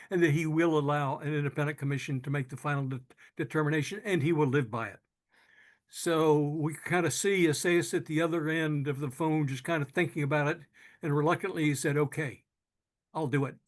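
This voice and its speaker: An older man tells his story in an earnest, unhurried way. His voice sits a little high for a man, and he often stops to restart a phrase. He gets moved as he goes on. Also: fairly even intonation. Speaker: speaker telling his own story. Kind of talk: personal storytelling talk.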